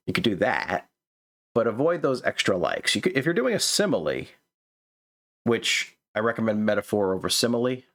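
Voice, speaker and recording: A man's voice: medium pitch, expressive, moderate pace, a bit bright. A man hosting and critiquing a manuscript in casual, chatty commentary, often stammering and repeating words. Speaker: host reviewing a manuscript.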